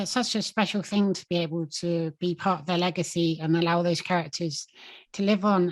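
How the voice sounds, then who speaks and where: A woman hosting an interview, asking questions and admiring her guest. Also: on the low side. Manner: warm, admiring and complimentary. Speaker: interview host.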